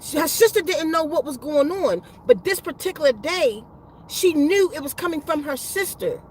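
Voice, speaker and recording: High-voiced woman, casual storyteller, loose and profane, circles back mid-sentence. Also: lively intonation, moderate pace, slight background noise, rough recording. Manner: rambling and profane, with restarts and slang. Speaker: spiritual vlogger.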